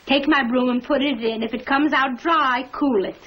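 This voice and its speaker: A woman's voice: high voice, fairly even intonation, moderate pace, highs cut off. An actress playing a chatty, fussing middle-aged housewife and mother, in 1950s sitcom style. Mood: bustling. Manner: chatty, fussing, quaint mixed-up phrasing.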